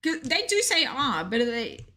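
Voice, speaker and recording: Young woman game streamer, higher and bright, chatty and jokey, reacting to chat. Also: very animated, measured pace. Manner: chatty, reads chat aloud, joking asides. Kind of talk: casual live-stream chat.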